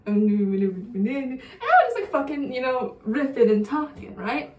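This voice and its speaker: High-voiced young woman telling a rambling story. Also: very animated, measured pace, darkish tone, muffled recording. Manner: rambling, profane, laughing storyteller. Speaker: vlogger. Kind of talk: casual storytime. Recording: roomy sound, distant mic.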